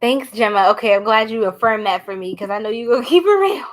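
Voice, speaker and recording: A woman's voice: a little high, animated, quick pace. A woman doing a casual live-stream tarot reading, chatting with viewers in a slangy, blunt way.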